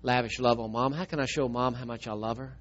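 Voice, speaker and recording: A middle-aged man, preaching a storytelling sermon and swinging from emphatic, loud telling to a soft, tearful hush. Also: mid-range voice, steady tone, fast talker, muffled recording.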